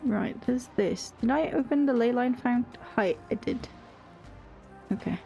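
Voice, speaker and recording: A woman's voice: on the high side, expressive, unhurried, creaky, mellow, dull audio, soft background music. A young woman streaming a game, chatting casually with viewers, reading chat aloud and giggling often. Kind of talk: casual live-stream chat while gaming.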